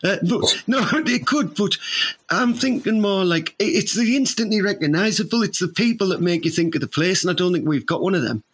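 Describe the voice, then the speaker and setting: A man's voice: high voice, animated, fairly quick, slightly rough. A man with a Teesside accent co-hosting a podcast, swearing and joking in casual banter. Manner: sweary, jokey, laughs often. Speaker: podcast co-host.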